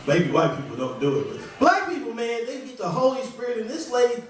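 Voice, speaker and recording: High-voiced man doing stand-up in an echoey room. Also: very animated, a little fast, far from the mic. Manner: rambling, conversational, self-deprecating. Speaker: stand-up comedian. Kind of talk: stand-up comedy set. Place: small club stage.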